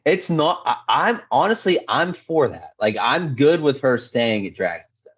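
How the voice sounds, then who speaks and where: A man co-hosting a podcast, chatting casually about a TV episode with animated, exasperated opinions. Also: mid-range voice, a little slow, slightly rough. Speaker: podcast co-host. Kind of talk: casual TV recap chat. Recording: dull lo-fi recording.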